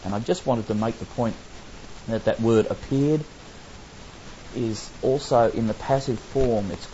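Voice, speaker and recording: A man's voice: medium pitch, measured pace, dark tone, a little hiss or hum. A man teaching a Bible study, explaining passages and asking his listeners rhetorical questions. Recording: dull lo-fi recording.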